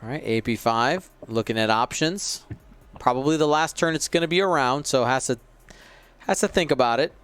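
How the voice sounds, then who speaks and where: A man's voice: mid-range voice, normal speed, a bit bright, clean tone. A man giving play-by-play commentary on a tabletop miniatures game, calling shots and explaining the rules with a wry aside now and then.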